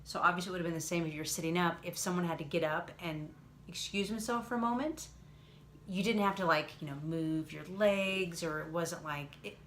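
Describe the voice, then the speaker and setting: Chatty woman with a low voice. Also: a little fast, a bit bright, a little hiss or hum. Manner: chatty, rambling, self-correcting. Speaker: podcast co-host. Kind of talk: casual chat.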